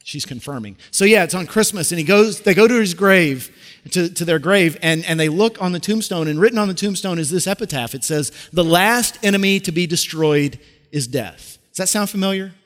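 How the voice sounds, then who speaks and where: A middle-aged male pastor preaches in a lively, conversational way. He asks the congregation questions and often restarts his sentences. His voice sits a little high for a man, and the long reverb of a large hall trails after each phrase. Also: fairly quick. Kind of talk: sermon.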